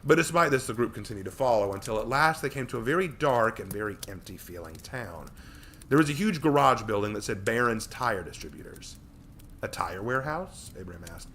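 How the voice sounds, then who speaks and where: Lively male storyteller, bright tone. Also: mid-range voice, brisk, a little hiss or hum. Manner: lively reading, some slips and restarts. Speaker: streamer reading his own story. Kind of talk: storybook narration on a stream.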